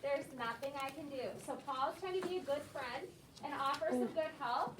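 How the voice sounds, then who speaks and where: A woman's voice: sits high, moderate pace. A woman teacher leading a reading lesson in a classroom, patiently prompting pupils and explaining words. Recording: echoey classroom from far off, loud noise.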